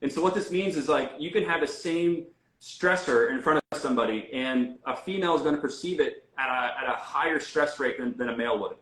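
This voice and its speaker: A man's voice: on the high side, a bit bright. Man talking casually in an echoey room. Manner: conversational, frequent fillers and restarts. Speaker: guest health coach. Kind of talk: casual interview talk.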